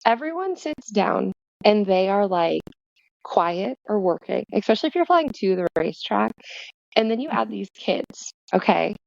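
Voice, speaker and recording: A woman guest in a casual podcast chat, telling stories with lively asides. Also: mid-range voice, moderate pace, vocal fry, dry recording. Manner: chatty storyteller, lively asides. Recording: dull, dry lo-fi sound.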